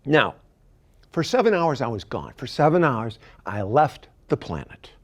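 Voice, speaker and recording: A middle-aged man telling a long stand-up story in a deadpan voice. His pitch moves a lot from line to line, and he takes his time, sometimes dropping to a whisper. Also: a little slow. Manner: deadpan, animated, drops to whispers. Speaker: stand-up comedian.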